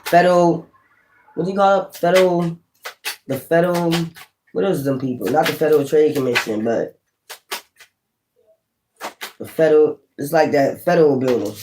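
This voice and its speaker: A woman's voice: sits low, moderate pace, pauses often, dark tone, slight background noise, rough recording. A woman hosting a live stream as a tarot reader, rambling casually and talking straight to her viewers.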